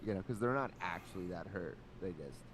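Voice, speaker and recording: A man's voice: deep voice, lively intonation, fairly quick, a little hiss or hum. A man co-hosting a casual podcast, rambling loosely and filling his speech with "like". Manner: rambling, heavy use of "like". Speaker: podcast co-host.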